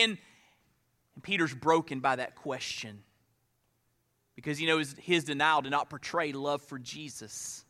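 A male pastor preaching a sermon, swinging between raised emphasis and hushed, slowed phrases. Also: fairly high pitch. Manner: dynamic preaching, drops to hushed tones for emphasis.

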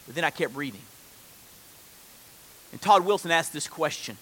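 A man preaching a sermon in an earnest manner, building to loud, emphatic peaks. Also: a little high, a little fast, pauses often.

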